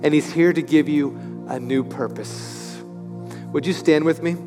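A man preaching a sermon as pastor, animated, swinging from loud to hushed. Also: fairly high pitch, unhurried. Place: church sanctuary. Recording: echoey hall with music.

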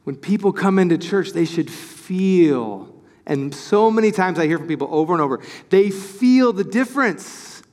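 A male pastor preaching a sermon in an animated, excited way, acting out the voices he quotes. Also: high voice, moderate pace, big-room sound.

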